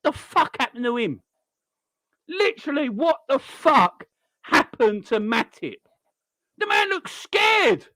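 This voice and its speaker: A football fan rants in a high, sharply bright voice, swinging wildly up and down. The sound is close and dry, with no room around it. The talk is sweary, sarcastic and fed up. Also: sing-song, takes it slowly, pauses often, no room sound. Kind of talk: angry fan rant.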